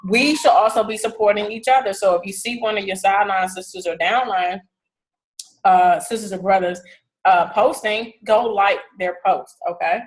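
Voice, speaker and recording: A woman gives her business team a casual coaching talk. She speaks directly and keeps checking that everyone follows along, at a middle pitch. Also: steady tone, moderate pace, poor audio. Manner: casual, direct, repeats "okay?" to check understanding. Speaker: fitness business team leader.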